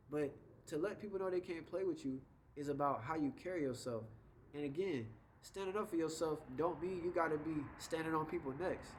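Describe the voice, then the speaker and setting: A man's voice: a little high, brisk, slight background noise, rough recording. A young adult man talking casually to camera with life advice, laid-back and conversational, slipping into short example voices. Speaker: vlogger giving life advice.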